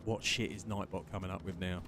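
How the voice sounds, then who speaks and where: A man's voice: low voice, fairly even intonation, brisk, background noise. A man streaming a survival game, chatting casually with viewers, greeting them by name and swearing freely. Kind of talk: casual live-stream chat while gaming.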